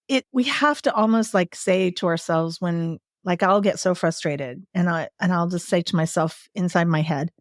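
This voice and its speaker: A woman's voice: lowish voice, moderate pace, hardly any pauses, no echo, clean studio sound. A woman in her sixties, a guest telling caregiving stories in casual conversation, laughing often as she talks. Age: 60s. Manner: lively storyteller, laughs often while talking.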